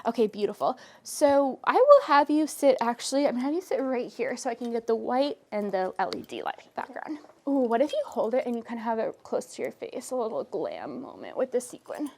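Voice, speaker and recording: A woman's voice: on the high side, sing-song, brisk, vocal fry, few pauses, a little mellow. A young adult woman photographer in a studio, casually directing a model and gushing with repeated praise.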